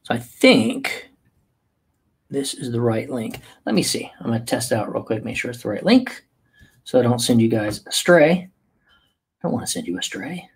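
A husky-voiced man chatting casually on a livestream. He is a podcast host and coach with an upbeat, playful manner, rambling along with plenty of fillers. His pitch sits in an ordinary middle range. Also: animated, normal speed, pauses often.

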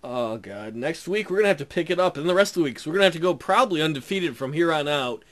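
High, lively voice of a ranting man. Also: fast talker. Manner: frustrated, ranting. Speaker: gaming commentator. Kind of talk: let's play commentary.

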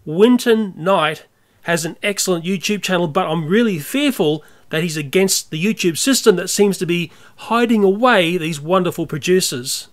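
An older Australian YouTuber delivering an earnest, opinionated rant to camera. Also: male voice, high-pitched, lively intonation, moderate pace. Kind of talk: ranting monologue to camera.

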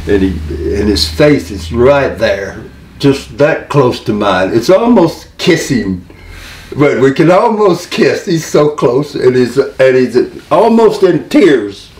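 Older male interview guest, rambling and animated storyteller, roomy echoey recording. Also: medium pitch, recorded from a distance. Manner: animated, rambling storyteller who laughs often. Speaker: interview guest, former wrestling manager. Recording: roomy echo.

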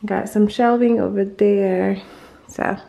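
A young woman filming her own home tour on a phone, unhurried and chatty, gushing over each room with plenty of ums and likes. She sounds a little out of breath as she walks through the bare house. A faint hiss sits under her voice. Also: medium pitch, fairly even intonation, vocal fry, warm tone. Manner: chatty, gushing, full of fillers. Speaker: vlogger giving a house tour. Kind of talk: casual home tour vlog. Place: empty house, indoors.

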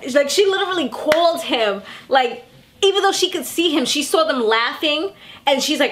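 A woman's voice: sits high, unhurried. Chatty young woman recapping reality TV. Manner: chatty and animated, acts out quotes. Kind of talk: casual chat.

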